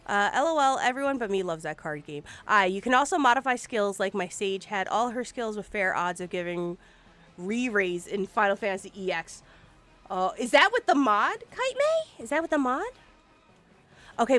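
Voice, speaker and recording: Faint music plays behind this game streamer, a woman in her forties who talks casually and lets the odd curse slip while playing. Her voice is medium in pitch and slightly bright.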